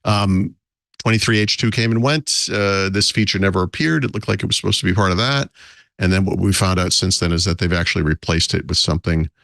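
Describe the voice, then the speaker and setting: A man's voice: low voice, fairly quick, vocal fry, a bit bright, dry recording, studio quality. A man co-hosting a tech podcast, rambling in a casual, self-deprecating way with frequent chuckles. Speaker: podcast co-host.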